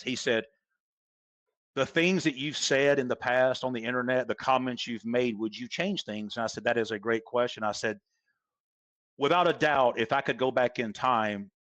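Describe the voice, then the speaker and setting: A man's voice: medium pitch, normal speed, fairly bright tone, no echo. A man speaking as a golf instructor guest on a podcast, talking casually and hammering points home by repeating them. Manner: emphatic, repeats points for stress.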